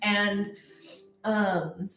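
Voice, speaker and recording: A woman's voice: mid-range voice, fairly even intonation, extremely slow, a bit bright, reverberant, soft background music. A woman telling a personal story in a casual, chatty way, with many fillers and restarts. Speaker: spiritual content creator.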